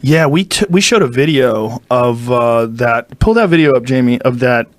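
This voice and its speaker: Man, podcast host, casual chat, animated storyteller, swearing, mid-range voice, dry close mic. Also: mid-range voice, moderate pace, no echo. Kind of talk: casual long-form conversation.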